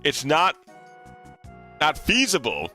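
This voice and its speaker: A man's voice: on the high side, huge pitch swings, takes it slowly, sharp tone, soft background music. A man giving casual let's-play commentary, chatty and self-mocking. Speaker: gaming streamer.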